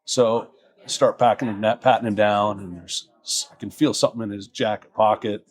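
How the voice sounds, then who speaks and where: A man's voice: lowish voice, fairly even intonation, moderate pace. A middle-aged man, a police officer, telling a casual story from his early years on the job in a dry, easygoing way, acting out both sides of the exchange. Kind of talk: casual anecdote.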